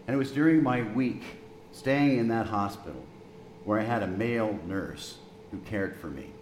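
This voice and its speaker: A man in his sixties, a pastor preaching a sermon, telling a story gently and slowing down for emphasis. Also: lowish voice, expressive, echoey room, slight background noise, low-quality recording.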